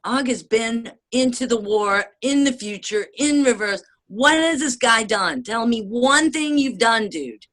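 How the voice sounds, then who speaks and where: A bright, clear-voiced woman from the United States talks in casual chat. She rambles with restarts, gets animated, laughs often and swears freely. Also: a little high, unhurried, few pauses.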